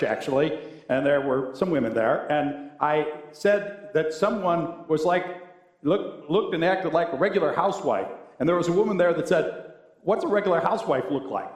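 An older man preaching a sermon as pastor, talking in a conversational, wry and sometimes sarcastic way. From American South. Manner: conversational, wry and sarcastic, with animated swings of pitch. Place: church sanctuary. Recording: echoey church sanctuary.

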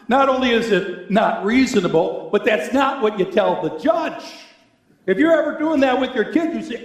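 A man preaching a sermon as pastor, with a dramatic delivery that swings from hushed to loud. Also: very high-pitched, animated, normal speed. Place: church. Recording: echoey church room.

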